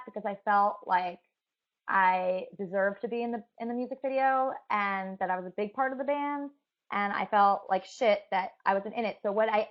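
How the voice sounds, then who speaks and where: A woman talking candidly in an interview, halting with many fillers and restarts. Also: mid-range voice. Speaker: interviewee, musician. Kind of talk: emotional personal interview. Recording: dull lo-fi sound.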